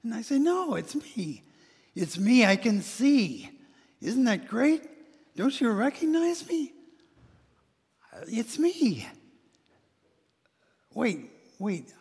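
A man playing a joyful, halting formerly blind beggar. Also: sits high, gravelly, breathy edge, big-room sound, full character voice. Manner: halting, restarts and repeats words, excited exclamations. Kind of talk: first-person dramatic monologue.

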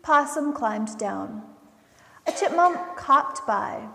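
A woman pastor leading children's time in a church, speaking gently to the children and reading them a storybook. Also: a little high, big pitch swings, a little slow, vocal fry. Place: church sanctuary. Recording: long church reverb.

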